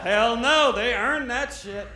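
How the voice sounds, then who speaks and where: A brash American comedian rants on a club stage in a notably high voice, swearing freely. The sound is roomy and live, with audience noise around him. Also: male voice, slow pace, crowd noise. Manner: brash, profane, animated. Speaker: stand-up comedian. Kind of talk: stand-up comedy. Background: audience laughter.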